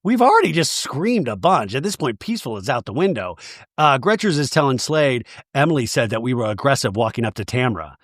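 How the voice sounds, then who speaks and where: A man's voice: medium pitch, fairly quick, no room sound, studio quality. A man hosting a podcast, recapping a reality show in a casual, comic way and acting out the cast's lines. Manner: animated, quotes cast members in exaggerated voices, swears.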